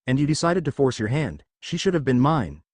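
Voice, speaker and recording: A man's voice: mid-range voice, sing-song, a little fast, no room sound. A man voicing an enraged, scheming young male devil heir who bellows and screeches his lines. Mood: furious.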